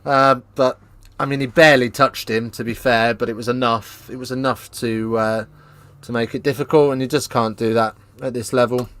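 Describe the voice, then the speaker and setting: A man hosting a live rugby watchalong, chatting casually with viewers and breaking into excited play-by-play. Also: medium pitch, normal speed, no room sound. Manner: casual, banters with live chat, lifts into excited play-by-play on tries. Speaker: watchalong host. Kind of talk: live watchalong commentary and chat.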